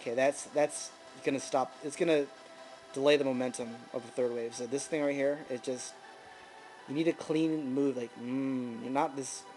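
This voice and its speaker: A man in his thirties talks through stock charts in a casual, offhand way at an ordinary pitch. He mutters ticker names under his breath, then breaks into excited bursts. Faint music plays behind him. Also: moderate pace. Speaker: stock trader reviewing charts. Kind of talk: casual screen-recorded market commentary.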